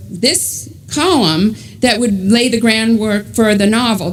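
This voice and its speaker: A woman's voice: mid-range voice, a little hiss or hum. A middle-aged woman with a New York accent, giving a chatty author talk that she often interrupts herself in. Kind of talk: casual talk with reading aloud.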